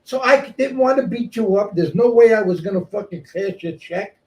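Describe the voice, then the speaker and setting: A man telling stories casually, profane and animated, moving between shouting and murmuring. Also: high voice, normal speed. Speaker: guest storyteller. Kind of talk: casual storytelling. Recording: distant mic with faint noise.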